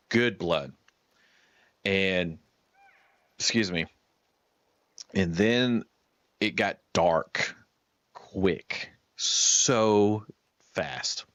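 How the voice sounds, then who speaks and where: A man casually telling a hunting story on a stream, animated and acting out what his guide said. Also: on the low side, slow pace, long pauses, no echo, lo-fi sound. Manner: animated, acts out the guide's words.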